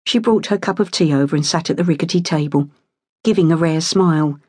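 Audiobook narrator, woman, lowish, measured, dry booth sound. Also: a little mellow, slightly rough, no echo. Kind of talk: scripted narration.

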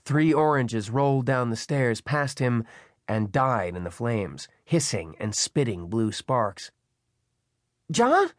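A male audiobook narrator with a mid-pitched voice telling a thriller in a tense, dramatic read. The sound is dry and close, with no room around him. He keeps a steady, gripping pull through the action. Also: slow, no room sound. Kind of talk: scripted narration. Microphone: close studio mic.

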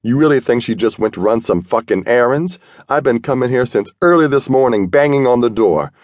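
A male audiobook narrator voicing a frantic, paranoid young woman who yells and accuses. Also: lively intonation, takes it slowly, no echo, clean studio sound. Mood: accusing. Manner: loud, accusing, high-strung.

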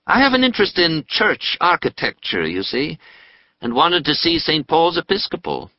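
A man's voice: on the high side, wildly swooping pitch, moderate pace, pitched above the performer's own voice, heavily acted. A man voicing a formal, anxious middle-aged male dentist in an audiobook. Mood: earnest. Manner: formal, polite, grave. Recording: slightly muffled dry audiobook.

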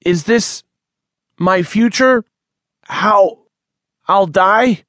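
A man's voice: on the high side, animated, drawn-out words, slightly rough, no echo, clean studio sound, pitched above the performer's own voice, heavily acted. A man voicing a panicked teenage boy who is trapped in his car, pleading and out of breath. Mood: breathless.

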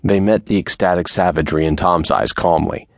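A man narrating an audiobook in a slow, measured reading. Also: deep voice, vocal fry, dry recording, clean studio sound. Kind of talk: scripted narration.

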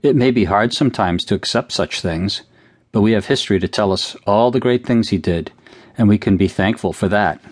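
Low-voiced man narrating his own story. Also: a little fast, no echo, clean studio sound. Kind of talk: audiobook narration of a childhood memoir.

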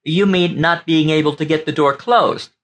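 A man's voice: fairly high pitch, moderate pace, a bit bright, voice pushed up, close to an everyday voice. A man voicing an eager young station attendant in an audiobook, stubborn and insistent about the rules.

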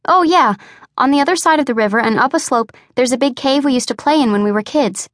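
A woman reading an audiobook, voicing a bubbly, nervous young pregnant woman who talks in a high, excitable rush. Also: fast talker, dry recording, studio quality, natural voice. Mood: excitable, anxious. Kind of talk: audiobook character voice.

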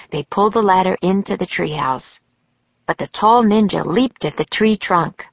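A woman narrating a children's audiobook in a slow, deliberate storytelling manner, recorded on a close studio mic. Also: on the low side, no room sound. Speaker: author and narrator. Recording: dry, slightly dull studio audio.

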